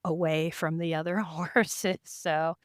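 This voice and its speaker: Her voice low and steady, a woman speaks slowly as a podcast guest, an endurance race rider laughing and chatting through stories of her rides with lots of "you know" and "like." The recording is studio quality, with no room sound.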